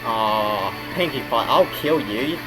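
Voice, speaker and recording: An Australian man reacting to a video, talking at a slow, unhurried pace with a mid-range pitch. He groans and exclaims in outrage at what he watches. Clear music plays underneath his voice. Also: animated, low-quality recording. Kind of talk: casual reaction commentary.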